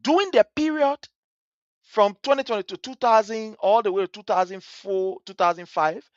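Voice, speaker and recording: A man's voice: high-pitched, normal speed, dry recording, lo-fi sound. A man giving heated, indignant commentary on a live stream, repeating phrases for emphasis. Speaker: livestream host.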